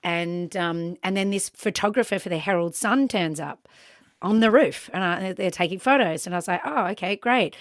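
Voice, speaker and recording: An Australian woman co-hosting a podcast, telling a story in an animated way with lots of ums and acted-out voices. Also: fairly low pitch, normal speed, dry recording, studio quality. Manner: animated, acts out the people in her story, frequent ums. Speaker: podcast co-host. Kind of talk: casual storytelling chat.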